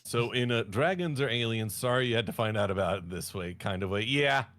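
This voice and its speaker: A man's voice: lowish voice, fairly quick, fairly bright tone. A man co-hosting a casual chat show, rambling through a jokey summary and correcting himself as he goes. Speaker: podcast co-host.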